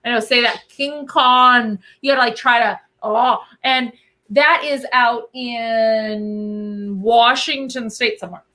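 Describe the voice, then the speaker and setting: A woman's voice: fairly high pitch, fairly even intonation, measured pace, pushed and bright. A woman guest chatting casually and bubbly, answering viewer questions about cosplay. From Albuquerque. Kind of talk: casual chat.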